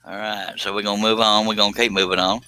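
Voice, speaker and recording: A man's voice: on the low side, flat delivery, quick pace, sharp tone. A man chatting casually and jokingly with viewers while he works on a woodworking live stream. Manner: folksy, joking, self-deprecating.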